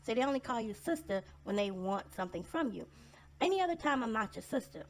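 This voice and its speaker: A woman's voice: on the high side, sing-song, fast talker. A woman telling personal stories in a casual vlog monologue, blunt and sarcastic in a conversational way.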